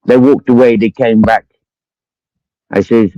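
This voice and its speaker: Mellow and unhurried, a man with a Cumbrian accent delivers an angry, profane livestream rant, repeating accusations, cursing constantly, and drinking throughout. His mid-range voice stays fairly even and pauses often, with no room sound, in dull lo-fi audio.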